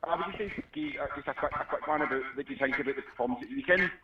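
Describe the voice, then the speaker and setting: A male caller talks extremely fast and eagerly repeats himself. His voice comes through dull and roomy, as though from a distance. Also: a little high, slight background noise. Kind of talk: phone-in call. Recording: dull, roomy phone-in audio from far off.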